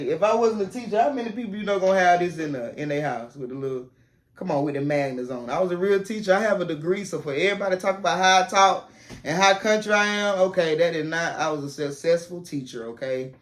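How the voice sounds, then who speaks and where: A down-home woman talking casually to her camera, a former teacher now making content full-time. She speaks in a plain, encouraging way, and her voice has a low, relaxed tone for a woman. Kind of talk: casual advice vlog to camera. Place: home set made to look like a classroom.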